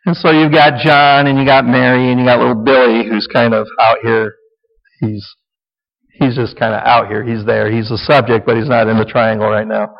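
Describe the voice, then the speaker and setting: A man's voice: mid-range voice, level tone, moderate pace, creaky. A man teaching a sermon in a conversational, folksy way, often checking in with "okay?". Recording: dull lo-fi sound with long hall reverb.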